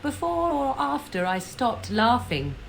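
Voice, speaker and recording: A woman's voice: a little high, big pitch swings, a little slow, vocal fry, a little hiss or hum, exaggerated voice, rough recording. An actress playing a cutting, sardonic young witch in a video game. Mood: mocking. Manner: cutting, mocking.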